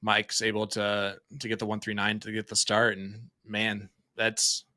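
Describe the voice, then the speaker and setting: A young man doing casual, excitable live darts commentary from a small streaming room, chatty with lots of fillers. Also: on the low side, a little slow, no echo, clean studio sound.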